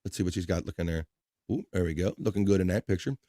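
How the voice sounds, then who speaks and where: A man hosting a livestream reads out chat comments and teases them, hyped and joking, with quick shout-outs. His voice is deep, and the recording is dry and clean, studio-quality.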